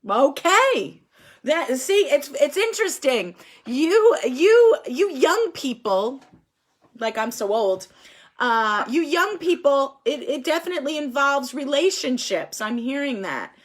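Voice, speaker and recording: High-voiced, upbeat woman leading a group. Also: very animated. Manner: upbeat, encouraging, quick to laugh. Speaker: group facilitator.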